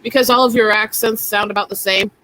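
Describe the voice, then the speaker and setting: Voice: medium pitch, fairly even intonation, a little fast, bright, forceful tone, rough recording. A co-host on a casual stream, teasing and exasperated with a friend.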